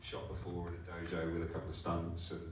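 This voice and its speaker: A man's voice: deep voice, completely flat delivery, quick pace. A man answering questions as a film director at a live festival Q&A, rambling with many restarts and growing enthusiastic. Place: cinema or hall at a live screening Q&A. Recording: echoey hall, mic from far off, faint noise.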